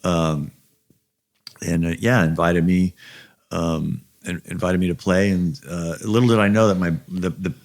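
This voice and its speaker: A man's voice: low-pitched, flat delivery, unhurried. A man in his sixties with an American accent, talking casually as an interview guest, rambling with many fillers and restarts. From USA. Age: 60s. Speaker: guest musician.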